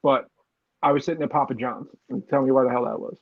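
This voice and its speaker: A man co-hosting a podcast, chatting casually and telling animated stories with lots of laughter. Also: medium pitch, fast, vocal fry, narrow, tinny audio. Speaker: podcast co-host. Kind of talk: casual chat.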